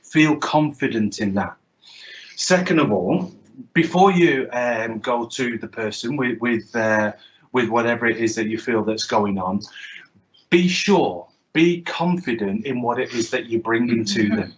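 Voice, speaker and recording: A man answering an audience question at a talk. He speaks in a measured, halting way with many ums. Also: mid-range voice, dull audio. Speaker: guest speaker.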